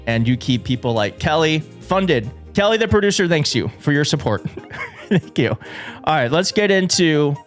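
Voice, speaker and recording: A man hosting a live political commentary show, excitable and jokey, often restarting his sentences. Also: a little high, measured pace, faint music behind. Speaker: show host. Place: studio in a big city.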